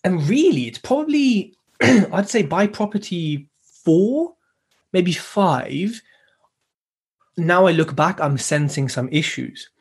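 Husky, lively-voiced podcast host. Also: male voice, high voice, slow pace. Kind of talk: casual podcast chat.

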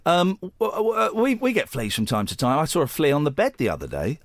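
A man's voice: on the high side, sing-song, brisk, dry recording. A man hosting a podcast, teasing his co-host with casual, mildly sweary banter.

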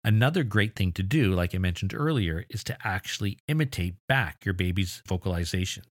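A man's voice: deep voice, animated, a little fast, no echo, clean studio sound. A man hosting an educational podcast, explaining ideas with enthusiasm and a few exasperated asides. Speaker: podcast host.

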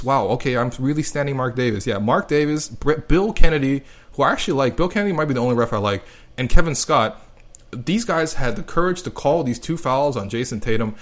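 A young man from Canada hosts his own sports podcast alone at the mic. He rambles casually, piles on heavy sarcasm and gets worked up, with an ordinary mid-range voice. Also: mid-range voice. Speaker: podcast host.

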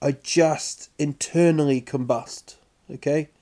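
Male comic, storytelling monologue, slightly high voice, unhurried delivery, self-mocking. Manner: animated, self-mocking, acts out sounds and voices. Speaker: comedian. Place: lives in Stockholm.

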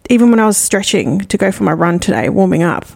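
A woman's voice: medium pitch, lively intonation, quick pace, vocal fry, darkish tone, no echo. A woman co-hosting a podcast in casual chat, blunt and swearing freely as she tells stories. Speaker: podcast co-host.

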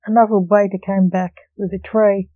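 A woman narrating a novella in an even, unhurried reading style. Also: medium pitch, no echo, dull audio. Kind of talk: storybook reading.

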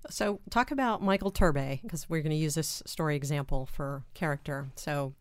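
Woman host, low voice, relaxed guiding questions, close and dry. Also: normal speed, clear, resonant tone, no echo. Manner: guiding, asks prompting questions. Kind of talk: casual interview chat.

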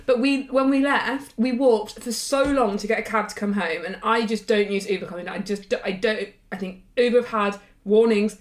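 A pregnant woman co-hosting a podcast, telling stories in a lively way and swearing freely. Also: mid-range voice, moderate pace, few pauses, roomy sound. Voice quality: swears freely, animated storyteller. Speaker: podcast co-host. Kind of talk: casual chat.

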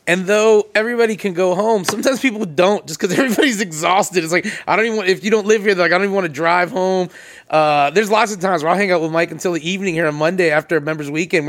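A man's voice: fairly high pitch, fairly bright tone. A man co-hosting a podcast in casual chat, teasing his partner and laughing often. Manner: fast, teasing talk with frequent laughter. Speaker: podcast co-host.

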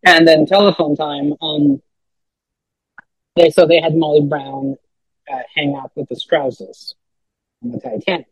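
Husky-voiced man rambling in casual chat. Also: a little high, animated, unhurried, long pauses, dry recording, rough recording. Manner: rambling, many fillers and restarts. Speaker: podcast guest.

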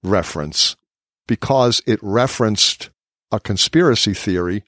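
Man, podcast host, animated pitch, reads quotes, laughs often, dry room. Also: a little slow, no echo. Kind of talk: political discussion podcast.

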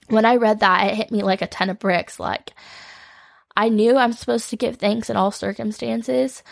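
Tearful woman, flat and gravelly. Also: medium pitch, dry recording. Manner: earnest, scripture-quoting, vulnerable. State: holding back tears. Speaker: podcast host. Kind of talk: unscripted devotional talk.

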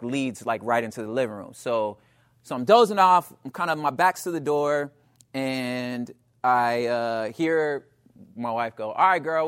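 A man with a Los Angeles accent doing stand-up, telling a story to the crowd and acting out the voices. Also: mid-range voice. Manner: animated, talks to the crowd, acts out voices. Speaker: stand-up comedian.

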